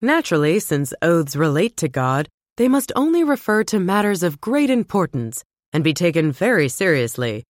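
A woman narrating a scripted book summary in an even, clear reading voice. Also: on the low side, normal speed, hardly any pauses, no echo, clean studio sound.

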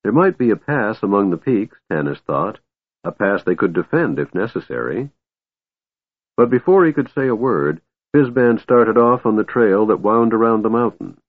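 A man reading a fantasy audiobook as an expressive storyteller, on a tinny, dry recording. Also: on the low side, moderate pace, no room sound. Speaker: audiobook narrator. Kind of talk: scripted audiobook narration.

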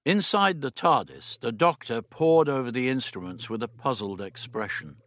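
A man's voice: mid-range voice, animated, moderate pace, fairly bright tone, dry recording. A man reading a story aloud as an audiobook narrator. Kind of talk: scripted narration.

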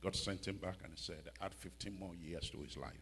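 A man with a West African accent preaching a sermon in a church, dramatic and mocking, dropping to a hush and then shouting. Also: sits low, fairly even intonation, moderate pace, breathy edge.

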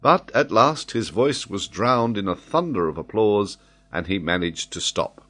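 A man narrating a classic adventure novel as an audiobook in an expressive, measured storytelling manner. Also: on the low side.

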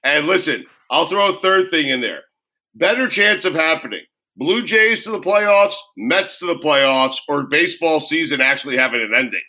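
American sports talk host, brisk question-asker, bright slightly high voice. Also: male voice, lively intonation, low-quality recording. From United States. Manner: brisk, steers the segment with quick questions. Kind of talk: casual chat.

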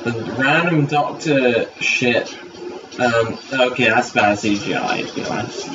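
A man's voice: medium pitch, slow pace. A man co-hosting a casual watch-along commentary, bluntly critical and swearing. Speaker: podcast co-host. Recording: distant, dull lo-fi with music.

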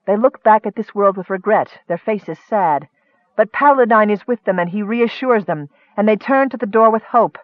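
High-voiced male audiobook narrator. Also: moderate pace, no echo. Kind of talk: scripted fantasy narration. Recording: dull lo-fi dry recording.

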